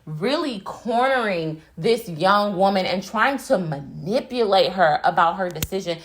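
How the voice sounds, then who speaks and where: A woman giving casual, animated commentary on a reality dating show, opinionated and full of slang and emphatic repetition. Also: medium pitch.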